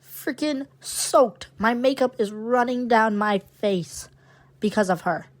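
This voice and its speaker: Animated, foul-mouthed young woman co-host. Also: medium pitch, a little slow. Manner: animated, profane, dramatic storyteller. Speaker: podcast co-host. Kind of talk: casual storytelling chat.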